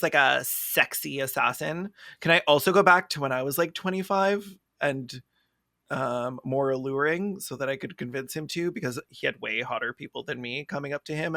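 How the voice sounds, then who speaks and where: A woman's voice: low voice, normal speed, a bit bright, no echo, studio quality. A young adult woman co-hosting a podcast, chatting casually and animatedly, laughing often and slipping into quoted voices. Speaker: podcast co-host. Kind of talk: casual comedic chat.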